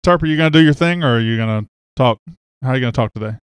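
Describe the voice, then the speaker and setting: Rapid-fire and medium in pitch, this Mississippi man hosts a casual sports live stream, talking and reading viewer comments via his webcam. His tone is clean, with no room sound.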